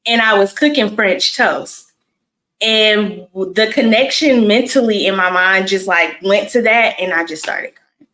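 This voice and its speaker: A young woman hosting a casual chat, speaking softly and reflectively with many fillers. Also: mid-range voice, unhurried, rough recording. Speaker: host.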